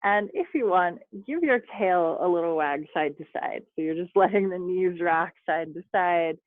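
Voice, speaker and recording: A woman's voice: fairly low pitch, moderate pace, no room sound. Woman yoga teacher on a tinny call. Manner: calm, chatty cues with laughs and asides. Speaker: yoga instructor. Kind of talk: guiding a yoga class over video call. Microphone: video call. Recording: dry, phone-like video call audio.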